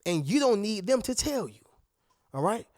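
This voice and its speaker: High-voiced emphatic man giving life advice. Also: big pitch swings, normal speed, a little mellow, dry recording, clean studio sound. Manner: emphatic, preachy, addresses viewers as "y'all" and "family"; acts out other people's lines in a higher voice. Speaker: motivational video host. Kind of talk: motivational talk to camera.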